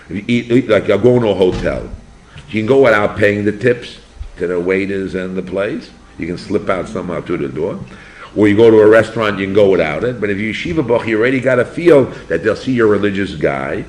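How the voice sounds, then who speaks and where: An older man, a rabbi, giving an animated yeshiva class and asking his students questions. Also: fairly low pitch, fast, a little hiss or hum. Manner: animated, asks the students questions, acts out voices. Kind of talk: yeshiva lecture.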